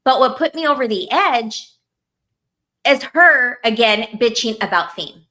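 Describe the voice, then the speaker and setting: A woman with a bright, slightly high voice rants in a casual podcast chat. She is heated and profane and leans on "like" all the time. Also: animated, measured pace. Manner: heated, profane, lots of "like" fillers. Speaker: podcast co-host.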